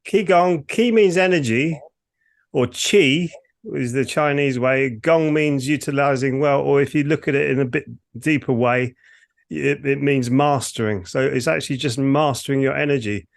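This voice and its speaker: A man's voice: medium pitch, moderate pace, vocal fry. A man from the United Kingdom, a Ki Gong teacher and podcast co-host, explaining his practice in a rambling, self-correcting way over a remote call.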